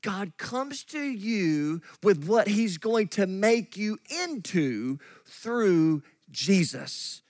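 Guy preaching, slow and drawn out, voice goes way up and down, dry sound. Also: high voice, no echo. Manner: animated, acts out quoted voices of God and Gideon. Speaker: pastor. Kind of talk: sermon. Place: church sanctuary.

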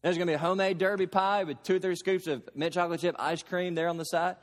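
A pastor from Kentucky preaching a sermon, emphatic, with slow stressed phrases and homely everyday examples. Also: male voice, high voice, fairly even intonation, in a large hall.

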